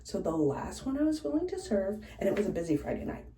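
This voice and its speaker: A woman bartender casually telling stories while doing her makeup, blunt and animated, swearing freely. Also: medium pitch, fast, recorded from a distance. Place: room in a house. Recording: echoey room, away from the mic, faint noise.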